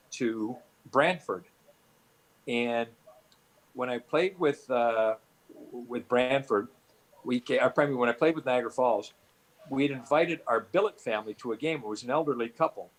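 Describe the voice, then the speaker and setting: A man's voice: mid-range voice, rough recording. A middle-aged man from Canada, a former hockey player, tells long stories in an interview, full of "you know" fillers and restarts. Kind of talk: storytelling interview answers.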